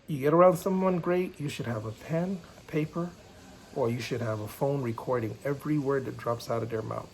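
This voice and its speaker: A man's voice: mid-range voice, normal speed, gravelly, slight background noise. A man teaching as a mentor, emphatic and preachy, repeating his key points. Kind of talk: motivational teaching.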